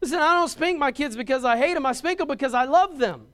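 A man's voice: very high-pitched, animated, fast, a bit bright. A middle-aged man preaching a sermon as pastor, stressing points emphatically and often repeating words.

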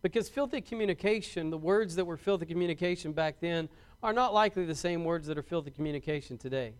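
High-voiced man preaching a folksy sermon. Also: fast talker, smooth. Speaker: pastor.

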